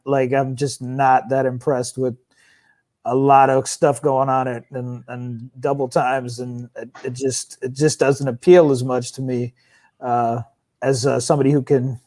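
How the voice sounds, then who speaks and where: A man's voice: mid-range voice, darkish tone. A man being interviewed about his music, talking casually and restarting his sentences as he thinks aloud. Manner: halting, restarts often while thinking aloud. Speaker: guest rapper.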